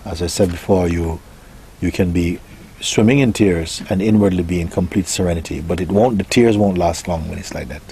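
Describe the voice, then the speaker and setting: A man with a very low voice speaks as a spiritual teacher, answering a question in a soft, unhurried way. He muses gently and leaves pauses between his thoughts. A faint hiss of noise sits behind him.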